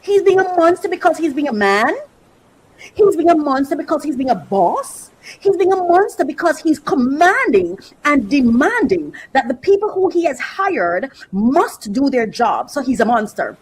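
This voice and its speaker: A woman with a fairly high voice hosts a podcast and delivers opinionated commentary. She hammers her points home, repeating phrases for rhythm and tossing in affectionate asides to her listeners. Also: big pitch swings, moderate pace, a little hiss or hum, low-quality recording. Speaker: podcast host.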